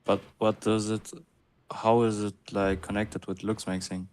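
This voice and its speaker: A man speaking up as a guest in an online voice chat, halting and argumentative. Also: on the low side, level tone, darkish tone. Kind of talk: casual chat.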